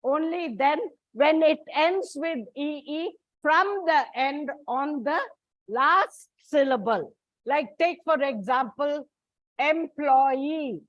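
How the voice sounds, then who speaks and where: A woman's voice: sits high, fairly bright tone, no room sound. A woman teaching English stress rules in a classroom lecture, explaining step by step and calling her students children. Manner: slow, deliberate explaining, addresses students as children. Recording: dull lo-fi dry recording.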